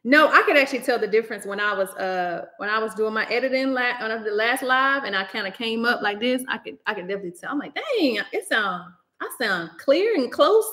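A woman's voice: a little high, lively intonation, moderate pace, pushed and bright. A young woman hosting a casual livestream, chatty and exclaiming, often laughing, talking into a laptop microphone. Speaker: livestream host.

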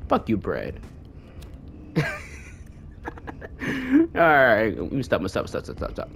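A gaming streamer doing let's play commentary, cursing and mocking the game's enemies in a taunting sing-song, with excitable outbursts. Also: medium pitch, slow, creaky, a little hiss or hum. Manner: profane trash-talking of game enemies.

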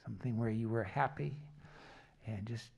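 A man calmly guiding a group through breathing and relaxation, slow and soft. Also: mid-range voice, vocal fry, slightly rough. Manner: slow and calm, soft whispery delivery. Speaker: group participant leading relaxation. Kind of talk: guided breathing instruction.

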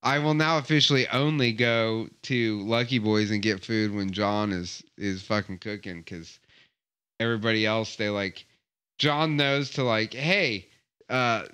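A man's voice: on the low side, measured pace, a bit bright, clear, resonant tone. A man hosting a podcast in casual chat, swearing freely and acting out other people's lines. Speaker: podcast host.

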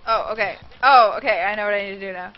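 A woman's voice: mid-range voice, quick pace. A young woman streaming a game, reacting with swearing and panicked shrieks. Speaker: gaming streamer. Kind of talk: live game commentary. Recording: dull lo-fi stream mic with faint noise.

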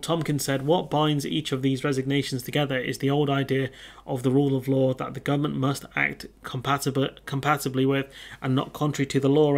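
A man's voice: mid-range voice, gravelly. A young man reading news articles aloud and adding blunt, mocking asides, with plenty of fillers and restarts. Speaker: political commentator. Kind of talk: casual political commentary reading news.

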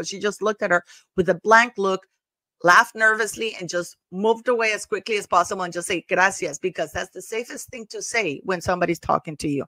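A woman's voice: mid-range voice, fairly bright tone, no room sound. A woman hosting a commentary channel, talking casually and emphatically over footage, gossipy and prone to repeating herself.

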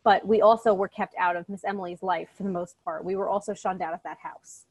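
A woman teaching a college English class in a recorded online lecture. She speaks at a middle pitch in a loose, chatty way and keeps checking in with her students. Her tone is direct but encouraging. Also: fairly even intonation, brisk, breathy edge. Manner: casual and chatty, often checks in with "okay?".

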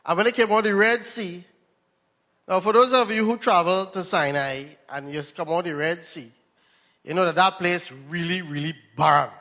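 A man's voice: high-pitched, normal speed, pushed and bright. A Trinidadian man preaching a sermon, telling a story and asking his listeners questions. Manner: storytelling, asks the audience questions. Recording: long reverb in a hall.

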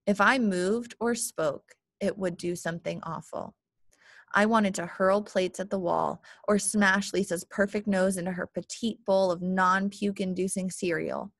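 Woman, audiobook narrator, measured reading, gravelly tone, dry sound. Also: mid-range voice, no room sound. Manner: measured first-person storytelling.

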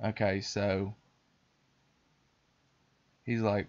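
A man's voice: medium pitch, measured pace, muffled recording. Rambling, profane male podcast host. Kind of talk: casual storytelling chat.

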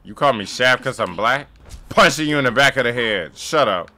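A man's voice: medium pitch, animated, moderate pace. Sarcastic young man commenting on gameplay. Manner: sarcastic, jokey, yelling at the game. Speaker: gaming YouTuber.

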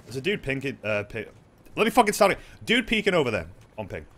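A young man giving live, excitable commentary while playing a shooter game, swearing and laughing often. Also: mid-range voice, quick pace, faint music behind. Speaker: streamer.

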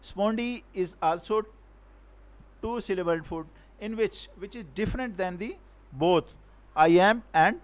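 Male teacher, high-pitched voice, halting lecture on verse meter, frequent restarts. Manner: halting, repeats and self-corrects words; non-native English grammar.

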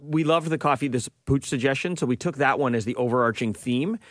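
A man's voice: medium pitch, fairly quick, dry recording. A middle-aged man co-hosting a morning radio show, chatty and teasing, recorded close on a studio microphone.

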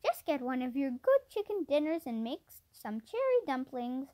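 A woman reading the lines of a quiet, kind man, the town doctor in a storybook. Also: high-pitched, very animated, moderate pace. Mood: gentle. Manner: quiet, kindly. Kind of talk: storybook character voice.

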